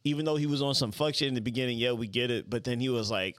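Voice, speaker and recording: A blunt, profane man on a casual podcast, sounding incredulous as he picks apart a film. Mid-pitched voice, recorded dry and close. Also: racing, no echo. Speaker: podcast co-host. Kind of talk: casual chat.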